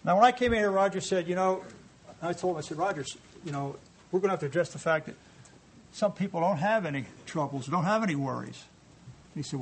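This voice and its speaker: A man preaches with a high, bright-sounding voice, moving between joking asides to his congregation and scripture read aloud. His delivery stays animated and conversational throughout the sermon. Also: quick pace, some chatter behind, slight background noise. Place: church sanctuary.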